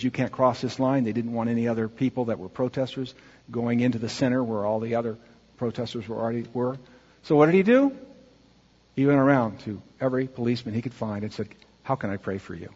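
A man speaking earnestly to a congregation as he narrates a slideshow, asking for the next slide and pausing on fillers. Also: medium pitch, darkish tone, slightly rough. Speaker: church mission speaker presenting slides. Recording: dull, muffled audio with long hall reverb.

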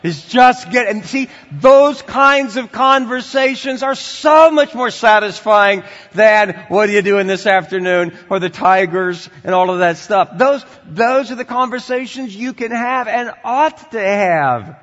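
A man preaches to his congregation in a church sanctuary, his fairly high voice carrying a long reverb. The sound is somewhat muffled. He swings from loud, animated exhortation to quiet, chatty asides. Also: unhurried, few pauses. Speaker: pastor. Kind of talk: sermon.

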